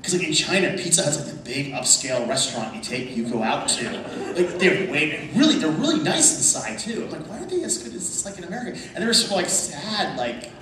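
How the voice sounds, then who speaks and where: A man telling lively anecdotes to a convention panel audience, often laughing. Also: fairly high pitch, fairly quick, few pauses. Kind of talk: storytelling at a panel. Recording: echoey hall from far off, background noise.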